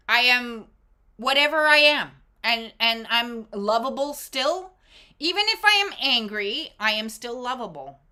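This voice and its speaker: A woman's voice: a little high, pushed and bright. A woman doing a casual oracle card reading, talking emphatically with lots of fillers and casual swearing. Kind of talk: casual spiritual talk to camera.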